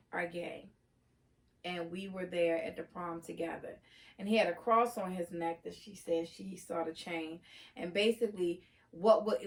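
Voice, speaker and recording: A woman vlogger telling a story casually, animated and laughing often, jumping into excited voices as she retells what happened. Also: fairly low pitch, gravelly.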